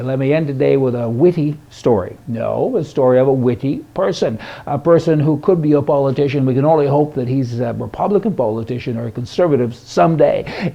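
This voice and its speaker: A man's voice: medium pitch, vocal fry, warm tone. A man hosting a conservative news commentary show, sarcastic and folksy, chuckling at his own jokes. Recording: dull lo-fi recording.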